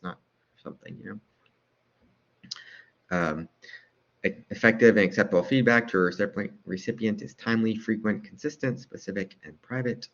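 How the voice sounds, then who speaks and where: A man with a very low voice talks through lecture slides in an easygoing, informal way. He keeps asking rhetorical questions and checking in with "right?". The recording sounds dull and lo-fi. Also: brisk, a bit bright.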